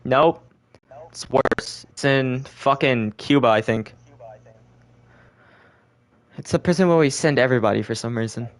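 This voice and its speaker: A man's voice: medium pitch, a little slow, long pauses. A young man talks loosely through his podcast in an ordinary mid-range voice. He rambles and swears freely. He catches his own slips and corrects them as he goes. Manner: rambling, profane, self-correcting. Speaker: podcast host. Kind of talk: casual conspiracy chat.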